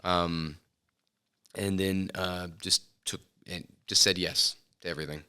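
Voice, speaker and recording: A middle-aged man talking as a podcast interview guest, thoughtful and halting, with frequent fillers and restarts. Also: deep voice, fairly even intonation, sharp tone, smooth. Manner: reflective, hesitant with many fillers and restarts. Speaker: filmmaker guest. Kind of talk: casual interview chat. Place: podcast studio.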